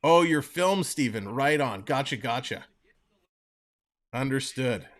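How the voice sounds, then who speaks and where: A man hosts a live stream, calling hockey play-by-play in an upbeat, chatty way while talking to viewers in the chat. His medium-pitched voice is expressive and a bit bright, and he takes it slowly.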